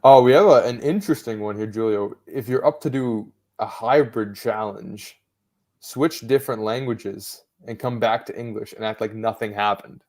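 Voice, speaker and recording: A man's voice: fairly low pitch, moderate pace, a little mellow. A man co-hosting a live sales comedy stream, teasing his partner and reading out audience challenges between laughs. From Italy. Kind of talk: casual live-stream banter.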